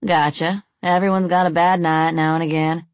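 A woman's voice: deep voice, little pitch movement, moderate pace, no echo, muffled recording. A woman voicing a crude, slightly drunk male cowboy gunman with a boorish, lightly slurred drawl. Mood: leering.

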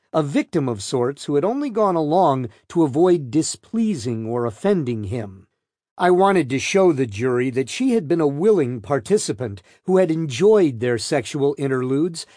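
A man's voice: fairly high pitch, darkish tone, no room sound, clean studio sound. A man narrating a first-person true crime account, asking pointed, probing questions as he recounts them.

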